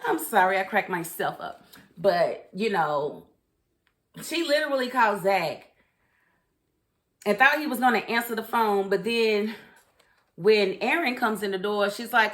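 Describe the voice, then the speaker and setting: A woman's voice: mid-range voice, lively intonation, normal speed, fairly bright tone. Sassy, chatty woman reviewing a show. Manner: sassy, chatty, laughs often, talks to viewers. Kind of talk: casual review commentary.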